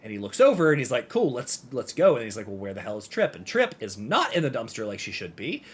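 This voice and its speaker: A man's voice: fairly low pitch, sing-song, fast, breathy edge. A man co-hosting a podcast, casually recapping a game and acting out the characters' lines. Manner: rambling, acts out character lines. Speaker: podcast co-host.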